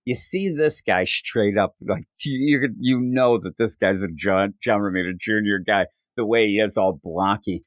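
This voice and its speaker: A man co-hosting a casual comics podcast, reading panel lines aloud in put-on voices and tripping over his words when he gets excited. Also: on the low side, normal speed, few pauses, dry recording, clean studio sound. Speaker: podcast co-host. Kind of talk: casual chat about comics.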